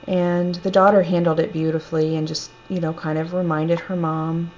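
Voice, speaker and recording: A woman with a lowish voice tells a personal story in a gentle, reflective way, taking her time. The recording is a little dull and lo-fi, with a faint hum underneath. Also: level tone, moderate pace. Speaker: storyteller sharing a personal testimony.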